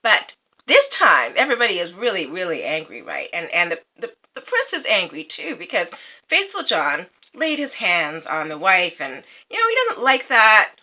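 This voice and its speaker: A woman's voice: on the low side, huge pitch swings, moderate pace, sharp tone, low-quality recording. A woman casually retelling a fairy tale, chatty, with many fillers and asides. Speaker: storyteller.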